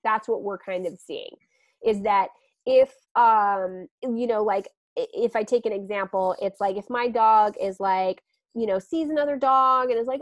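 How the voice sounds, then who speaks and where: Animated woman dog trainer, dry sound. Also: a little high, normal speed, dry recording. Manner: animated, laughs often, acts out quotes. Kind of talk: podcast interview.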